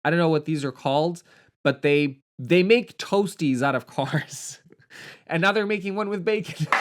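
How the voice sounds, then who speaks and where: A man's voice: mid-range voice, a bit bright. A man giving a casual, sarcastic film review, swearing freely and laughing along.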